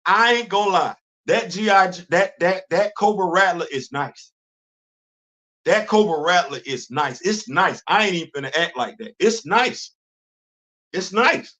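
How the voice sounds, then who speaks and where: A middle-aged man hosting a casual solo livestream, animated, repeating himself and quizzing himself in asides. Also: high voice, measured pace. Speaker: host. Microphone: livestream studio setup.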